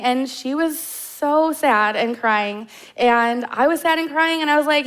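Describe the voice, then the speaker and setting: Woman in her 30s, Midwestern American accent, preaching from the stage, heartfelt and storytelling, slightly higher voice. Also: measured pace, hardly any pauses, fairly bright tone. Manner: heartfelt storytelling with casual fillers. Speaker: guest preacher. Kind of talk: personal sermon. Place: church stage.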